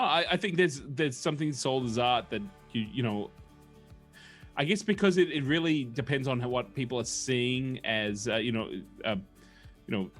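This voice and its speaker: A man's voice: mid-range voice, fairly bright tone. A man co-hosting a casual online chat show, reflective and hesitant as he thinks aloud. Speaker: co-host.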